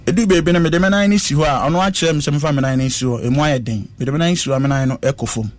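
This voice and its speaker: A man recounting a personal ordeal in conversation, speaking slowly and earnestly. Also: fairly high pitch, no room sound. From West Africa. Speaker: interviewee.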